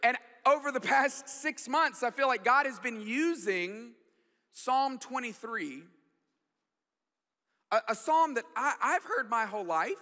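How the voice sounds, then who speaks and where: Man, 40s, guest preacher: a high, sharp voice, storytelling, self-mocking, stumbling restarts, recorded in a church hall with a long reverb tail. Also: lively intonation, a little slow. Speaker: guest pastor. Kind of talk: storytelling sermon.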